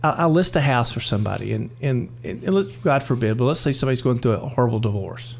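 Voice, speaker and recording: A man's voice: medium pitch, lively intonation, quick pace, vocal fry, a little hiss or hum. A man working as a real estate agent who tells folksy, rambling stories and often restarts his words. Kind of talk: casual chat.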